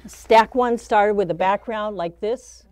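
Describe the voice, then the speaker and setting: A woman's voice: mid-range voice, measured pace, a little mellow, clean tone, no echo. A middle-aged woman teaching a quilting pattern in a casual, chatty demonstration, talking through each step and laughing at her own slips in a shop studio. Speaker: quilting instructor.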